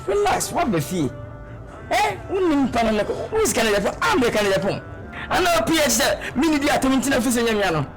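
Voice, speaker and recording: A man's voice: extremely high pitch, big pitch swings, a little fast, soft background music, full character voice. A man with a Ghanaian accent playing a boastful rich big man in a comedy skit, swaggering and mixing English and Twi. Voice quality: swaggering, mixes English and Twi, laughs often.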